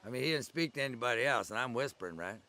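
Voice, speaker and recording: His early days at the gathering come back in a rambling, conversational account from an older man, who keeps drifting into digressions as he tells the story. He speaks very fast in a medium-pitched voice that is expressive, pushed, and bright.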